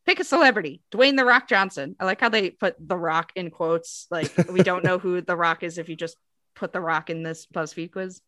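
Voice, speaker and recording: An American woman co-hosting a podcast, chatting casually and reading quiz options out with lively rises. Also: on the low side, moderate pace, dry recording. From United States. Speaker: podcast co-host. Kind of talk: casual chat.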